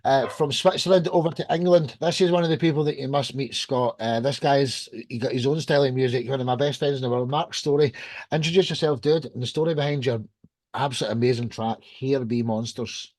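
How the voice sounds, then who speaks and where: A man's voice: medium pitch, brisk, a little mellow, no echo. A man from the United Kingdom hosting a rock podcast, enthusiastic and loose. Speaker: radio show host.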